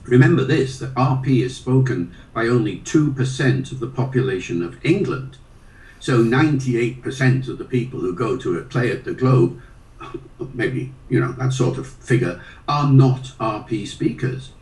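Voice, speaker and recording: A man's voice: mid-range voice, lively intonation, normal speed, darkish tone. An older man giving an interview, telling anecdotes with frequent hesitations and fillers. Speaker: guest, linguist. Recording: roomy sound from a distant mic.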